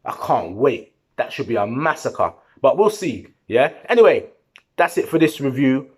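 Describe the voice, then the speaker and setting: A man's voice: mid-range voice, moderate pace, breathy edge. A man giving a heated, slangy post-match football reaction, talking to the camera. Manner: animated, heated, slangy and repetitive. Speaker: football fan vlogger.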